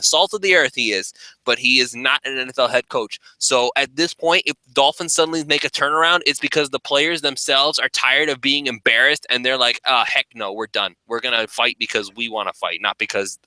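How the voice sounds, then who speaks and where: A man's voice: a little high, brisk, bright, forceful tone, no room sound, rough recording. A man co-hosting a sports talk show, blunt and sarcastic, often restarting his sentences. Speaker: podcast co-host.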